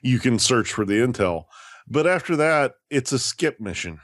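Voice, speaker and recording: Co-hosting a gaming podcast, a man chats casually and keeps restarting his sentences. His mid-range voice is a bit bright, moves at a moderate pace with big swings in pitch, and comes through as a dry, clean studio recording.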